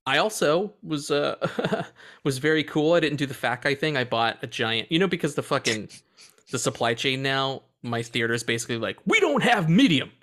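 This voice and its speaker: A man's voice: mid-range voice, normal speed. A man co-hosting a casual movie podcast, joking and swearing freely. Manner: animated, profane, joking. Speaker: podcast co-host. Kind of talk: casual chat.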